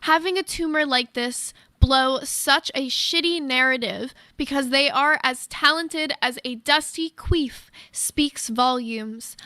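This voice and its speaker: This woman streams in a played clip, reading a long message aloud with put-on drama. Her voice is high and bright. The sound is dry and close. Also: clear, resonant tone, no room sound.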